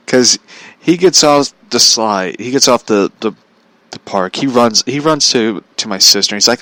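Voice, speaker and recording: A man's voice: mid-range voice, expressive, unhurried, bright, forceful tone, no echo. A man telling a comedic story in a profane, exasperated way, laughing often. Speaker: vlogger.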